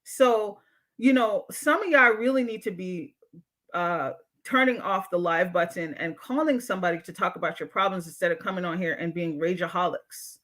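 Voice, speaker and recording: A woman's voice: on the low side, moderate pace, a bit bright. Blunt, outspoken woman hosting a livestream. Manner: lectures viewers directly. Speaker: livestream show host and therapist. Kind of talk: casual livestream commentary, reading chat comments.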